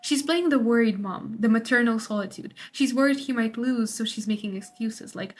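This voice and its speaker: A woman's voice: fairly high pitch, moderate pace. A woman tutor explaining a literature study guide in a casual way, sometimes acting out short quotes. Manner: casual paraphrase with acted quotes.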